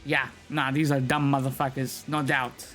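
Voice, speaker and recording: Guy streaming a game, swears a lot, jokey, music low behind him. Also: level tone, normal speed, fairly bright tone. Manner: profane, joking. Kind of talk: casual gameplay commentary.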